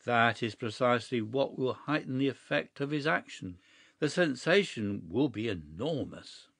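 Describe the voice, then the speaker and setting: A man's voice: mid-range voice, normal speed, slightly rough, dry recording, studio quality. Man voicing a cool sly young prankster. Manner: calm, matter-of-fact, sly.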